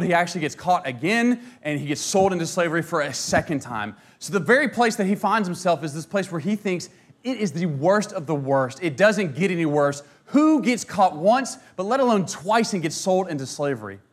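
A man telling a history story in a casual, animated way, with fillers, asides and a joke now and then. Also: sits high, fairly quick. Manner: animated, conversational, jokes and asides.

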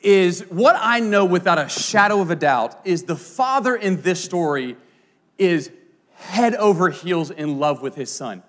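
A man's voice: high voice, measured pace. A man in his thirties preaching a sermon, telling playful stories with many asides. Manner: animated, playful storyteller with frequent asides. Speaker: pastor. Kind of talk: sermon with storytelling.

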